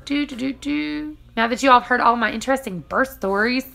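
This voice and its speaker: Bright-voiced chatty woman vlogger. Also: high-pitched, brisk, gravelly. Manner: chatty storytelling, acting out quotes, frequent laughs. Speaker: vlogger and mother. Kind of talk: casual chat.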